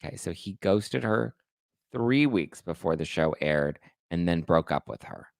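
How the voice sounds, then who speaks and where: A man hosting a podcast, gossiping about reality TV with sarcastic, animated commentary and mocking high-pitched quotes. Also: unhurried, vocal fry, no room sound, clean studio sound. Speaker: podcast host.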